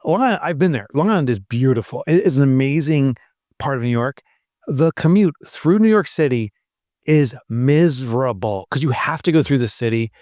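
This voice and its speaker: A middle-aged man from New Jersey co-hosting a podcast, chatting casually and telling animated stories. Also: mid-range voice, moderate pace, no room sound, clean studio sound. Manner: animated storyteller, mimics other people's voices. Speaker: podcast co-host. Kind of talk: casual chat.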